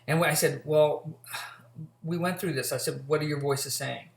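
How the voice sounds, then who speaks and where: A man's voice: fairly high pitch, brisk. A middle-aged man giving a recorded college lecture in a casual, storytelling way, with lots of fillers and restarts. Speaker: college instructor. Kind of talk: recorded lecture with a personal anecdote. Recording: echoey room.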